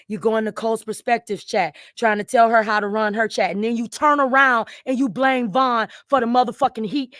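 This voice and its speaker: A woman hosting her channel, ranting angrily at someone. She repeats herself, swears, and swings from low muttering to shouting. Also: fairly quick, no echo, clean studio sound. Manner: swears freely, addresses viewers directly. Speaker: channel host. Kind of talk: heated direct-to-camera rant.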